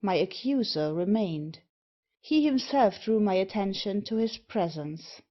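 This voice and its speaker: A woman reads a Victorian story aloud as narrator, measured and deliberate. The pace is very slow, and the recording sounds dull and lo-fi. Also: mid-range voice, animated. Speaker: audiobook narrator.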